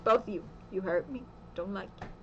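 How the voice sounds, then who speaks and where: A woman's voice: medium pitch, brisk, muffled recording, slight background noise. A young woman telling a story in a casual vlog at home, chatty and laughing often, with "okay" again and again. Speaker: vlogger.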